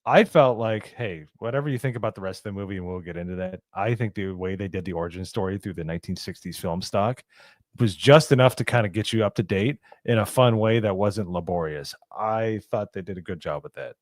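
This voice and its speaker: A man's voice: lowish voice, fairly quick, no room sound, studio quality. A man co-hosting a casual movie review chat, talking in an enthusiastic, gushing way with lots of "like". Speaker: co-host of a movie review show.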